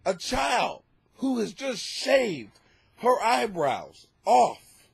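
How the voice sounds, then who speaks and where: A man's voice: very high-pitched, very animated, very slow, creaky, breathy edge. A man hosting a comedy podcast from his basement, telling stories in a loose, profane, storytelling way. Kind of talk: casual comedic monologue. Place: home basement.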